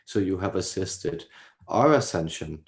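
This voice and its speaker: A fatherly alien sage, as a man channels it, speaking slowly and soothingly in a put-on accent that is meant to sound Irish. The voice sits low, and it keeps stopping on gentle "well"s between phrases. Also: animated. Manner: slow, pausing, many "well"s. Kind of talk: channeled spiritual message.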